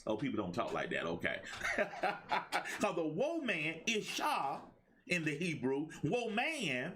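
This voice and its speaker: A middle-aged man hosts a motivational livestream as a life coach, preaching in a call-and-response style. His voice is a little high and a bit bright, with slight background noise.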